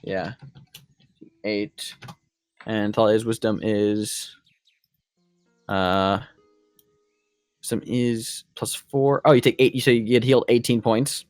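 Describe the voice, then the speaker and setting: A man narrating a tabletop role-playing session as its game master, slow and drawn out in the grim moments. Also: fairly low pitch, level tone, a little mellow, no echo, clean studio sound, faint music behind. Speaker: dungeon master.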